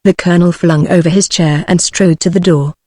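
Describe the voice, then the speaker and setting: A synthetic text-to-speech voice reading a classic novel aloud as an audiobook, in an even, mechanical delivery. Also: medium pitch, a little fast, no echo. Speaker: audiobook narrator.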